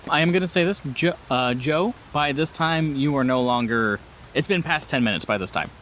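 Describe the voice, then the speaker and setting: Halting tabletop game master, noisy recording. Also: male voice, fairly high pitch. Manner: relaxed, halting narration with restarts.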